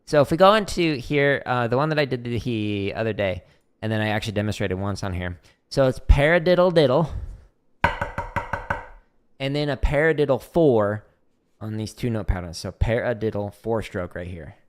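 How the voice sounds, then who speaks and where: A man's voice: medium pitch, animated, moderate pace, smooth. A man teaching drum rudiments on a casual livestream, thinking aloud and counting beats, with drums playing behind him. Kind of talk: casual livestream drumming lesson. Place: home practice room.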